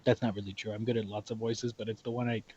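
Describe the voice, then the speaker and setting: A man from the Southern US with a Southern accent, chatting excitably and swearing while playing a game. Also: lowish voice, fast, husky. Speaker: let's play host. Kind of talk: casual gaming chat. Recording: dull lo-fi recording.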